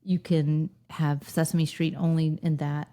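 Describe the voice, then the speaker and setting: Mellow, wry Southern woman. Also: deep voice, flat delivery, measured pace. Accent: Southern US (Lowcountry South Carolina). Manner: wry, laughs through her stories. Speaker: podcast co-host. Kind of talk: casual nostalgic chat.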